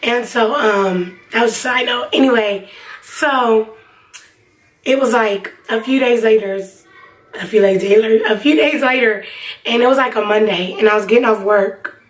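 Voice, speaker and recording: A woman's voice: fairly high pitch, normal speed, far from the mic, rough recording. A young woman vlogger telling a personal story in a casual, rambling way with lots of fillers. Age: young adult. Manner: chatty, rambling, many fillers.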